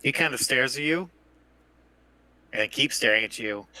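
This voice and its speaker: Bright-voiced male game master. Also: mid-range voice, unhurried, no echo, low-quality recording. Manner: casual, filler-heavy narration. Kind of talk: narrating a tabletop game.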